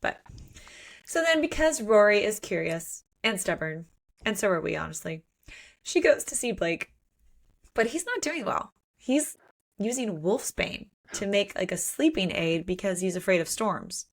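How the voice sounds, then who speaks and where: Woman, podcast co-host, casual and animated, laughs a lot, average pitch. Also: measured pace, vocal fry. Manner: animated, laughs often, acts out quotes. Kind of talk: casual book discussion.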